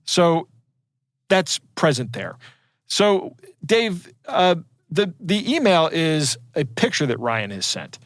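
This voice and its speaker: A man's voice: a little high, big pitch swings, takes it slowly, fairly bright tone, dry recording, clean studio sound. A man co-hosting a podcast, chatting casually and digressing to explain technical details. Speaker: podcast co-host. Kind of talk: casual chat.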